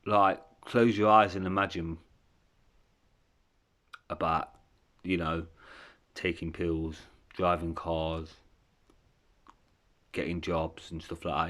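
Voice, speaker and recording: A man's voice: low voice, little pitch movement, slow, pauses often, fairly bright tone. A man telling his life story in a candid, rambling way, swearing freely. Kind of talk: casual storytelling.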